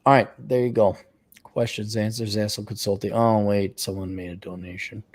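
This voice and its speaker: A man's voice: level tone, brisk, a little mellow, no room sound. Blunt, profane man giving advice. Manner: blunt, profane, swings between high mocking outbursts and low mutters. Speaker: advice show host. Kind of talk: profane advice livestream rant.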